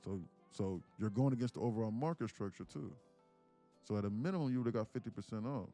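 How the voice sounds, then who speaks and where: A man's voice: fairly low pitch, fast talker, mellow, faint music behind. A man hosting a live day-trading stream, talking in a hyped, preachy way with slang and a stream of rhetorical questions. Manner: slangy, casual street talk. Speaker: day trading livestream host.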